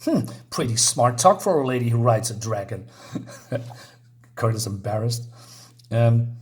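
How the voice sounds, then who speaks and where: A man's voice: medium pitch, moderate pace. A man casually reviewing a comic book, retelling the story and reading characters' lines aloud in a chatty, playful way. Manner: chatty, reads dialogue in playful voices, giggles.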